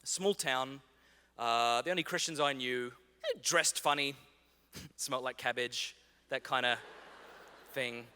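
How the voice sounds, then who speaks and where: A man's voice: mid-range voice, takes it slowly, pauses often, clean tone. A man in his thirties giving a humorous keynote talk, telling stories and acting out bits of dialogue. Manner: animated, comic, acts out dialogue. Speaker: keynote speaker. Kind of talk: humorous storytelling keynote speech. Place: large conference hall. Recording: big hall with long reverb.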